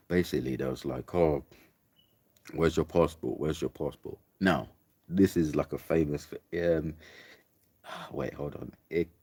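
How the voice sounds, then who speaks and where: A very deep, slightly mellow voice with a breathy edge comes through without room sound. The speaker, a young Englishman, rambles and swears through a casual anecdote about a trip, saying "like" and "mate" constantly.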